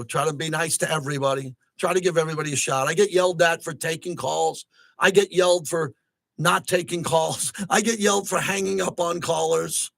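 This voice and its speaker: A slightly high, slightly fast male voice with vocal fry comes through a close studio mic in a dry recording. He's hosting sports talk radio, talking at length, excitable, and rising to near-shouting when he gets worked up.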